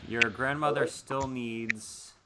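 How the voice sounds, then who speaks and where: A man running a tabletop horror game as game master, relaxed, often asking the players what they do. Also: mid-range voice, slow, noisy background. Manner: relaxed, asks players questions, fillers.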